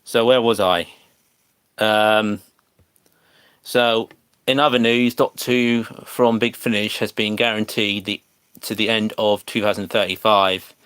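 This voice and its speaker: Slow, low-voiced English man streaming. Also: fairly even intonation, fairly bright tone, smooth, no echo. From England. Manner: hesitant, many fillers and restarts, chats to viewers. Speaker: livestreamer. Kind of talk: casual livestream chat.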